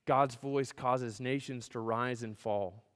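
A male pastor preaching a sermon in a church, swinging from loud, emphatic build-ups to hushed, near-whispered lines. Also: medium pitch, fairly even intonation, slow pace. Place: church sanctuary. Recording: long hall reverb.

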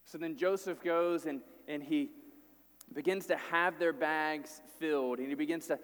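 High-voiced preacher in a reverberant hall. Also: male voice, fairly even intonation, a little slow, a bit bright. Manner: retells the story with acted quotes, casual asides. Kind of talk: sermon.

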